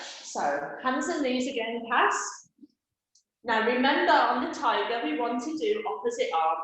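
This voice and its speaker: Slow, playful yoga teacher. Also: female voice, on the high side. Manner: playful, encouraging step-by-step cues. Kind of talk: live guided yoga class for children. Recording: very echoey room.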